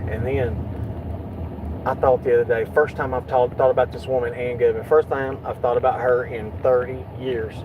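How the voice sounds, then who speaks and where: A middle-aged man talks agitatedly and swears while chatting in a vehicle, loudly acting out what others said. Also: medium pitch, flat delivery, moderate pace, phone-quality sound, background noise. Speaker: YouTube channel host. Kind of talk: casual vlog chat in a car.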